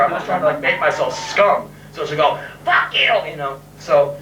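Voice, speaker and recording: A man's voice: on the high side, normal speed, hardly any pauses, bright, forceful tone. A man in his thirties telling a sarcastic, self-mocking story live on a pub stage and swearing freely. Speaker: spoken word performer. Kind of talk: live spoken word storytelling. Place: pub stage in front of an audience. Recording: echoey, distant, noisy live bootleg tape.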